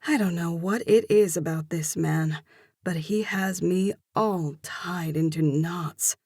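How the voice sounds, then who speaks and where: A woman narrating a romance novel in first person with steady storytelling. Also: fairly low pitch, slow, no room sound, studio quality. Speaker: audiobook narrator.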